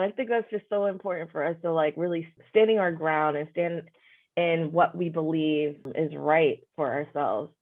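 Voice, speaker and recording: A woman hosting a podcast interview, reflective and affirming, often saying "you know". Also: on the low side. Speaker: podcast host. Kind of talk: conversational interview. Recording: phone-like narrow sound.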